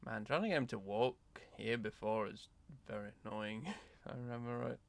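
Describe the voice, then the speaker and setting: A man giving relaxed, offhand commentary while streaming a game. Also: medium pitch, normal speed, gravelly. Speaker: gameplay streamer. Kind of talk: casual gameplay commentary.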